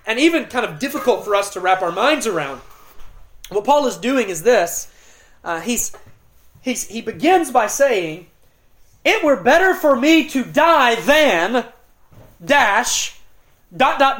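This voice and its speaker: A middle-aged pastor delivering an expository sermon, earnest and emphatic, with dramatic pauses and occasional restarts. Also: male voice, sits high.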